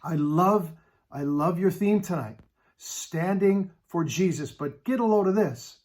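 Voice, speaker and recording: Middle-aged male preacher, storyteller building to an urgent call, slightly high voice. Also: measured pace. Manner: animated storytelling, rising to exhortation. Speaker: speaker at a Catholic men's event.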